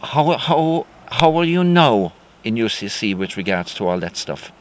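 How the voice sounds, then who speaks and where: An older man with an Irish accent, hosting an interview and asking questions haltingly, restarting them as he goes. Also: mid-range voice, big pitch swings. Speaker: interviewer host.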